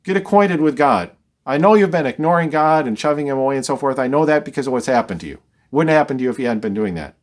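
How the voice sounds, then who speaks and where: A man's voice: medium pitch, animated, fast, close to an everyday voice. A man voicing a smug, self-righteous man who lectures and mockingly laughs at his suffering friend. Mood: preachy. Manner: gloating, preachy, laughs scornfully.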